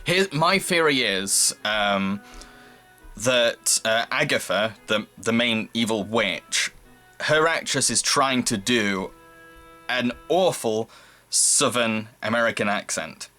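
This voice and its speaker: A man's voice: mid-range voice, expressive, takes it slowly, pushed and bright, soft background music. A man casually reviewing a movie, laughing often and rambling through his thoughts. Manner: giggly, rambling. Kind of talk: casual chat.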